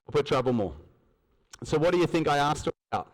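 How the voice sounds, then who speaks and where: A man's voice: fairly high pitch, expressive, fast talker. Australian man telling stories on stage. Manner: storytelling, acts out dialogue, asks the crowd questions. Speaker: speaker at a business event. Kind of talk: motivational stage talk. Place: large event hall, on stage. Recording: long hall reverb.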